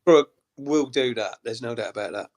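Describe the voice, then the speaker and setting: A man's voice: mid-range voice, a little fast, a little mellow. Easygoing man chatting football. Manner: easygoing, repeats himself, calls people mate. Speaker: guest fan. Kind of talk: casual fan chat.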